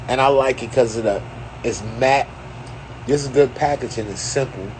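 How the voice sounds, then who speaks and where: A man's voice: medium pitch, normal speed, a little mellow, slight background noise, low-quality recording. A man at home giving a rambling, profane, streetwise monologue in a freewheeling casual style. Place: at home, indoors.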